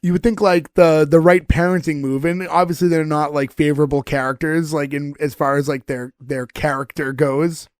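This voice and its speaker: Chatty man with a highish voice. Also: steady tone, normal speed, few pauses, clean tone, no echo, clean studio sound. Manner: rambling, filler-heavy retelling with many "like"s. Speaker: podcast co-host. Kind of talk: casual chat recapping a TV episode.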